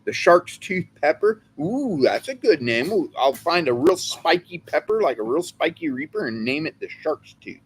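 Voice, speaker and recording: A man's voice: a little high, normal speed, hardly any pauses, a little hiss or hum. A man from California chatting on a livestream, rambling and joking as co-host. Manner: rambling, excitable, jokey. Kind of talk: casual livestream chat.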